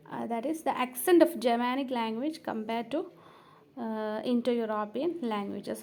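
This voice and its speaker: A woman with a high, light voice delivers a recorded lecture as a teacher. She talks hesitantly, filling pauses and going back over each point. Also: vocal fry, a little mellow. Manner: hesitant, with frequent fillers, repeats points.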